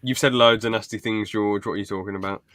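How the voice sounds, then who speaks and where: A man's voice: on the low side, fairly even intonation, fast, fairly bright tone. A young man co-hosting a podcast, rambling through sitcom scenes and laughing as he retells them. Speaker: podcast co-host. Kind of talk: casual chat recapping a sitcom.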